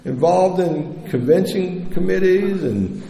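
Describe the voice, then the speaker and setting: Gravelly-voiced man sharing his story. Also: high-pitched, expressive, takes it slowly, dark tone. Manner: blunt, profane and candid. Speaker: recovery convention speaker. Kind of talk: personal recovery story told to an audience. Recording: echoey hall with long reverb.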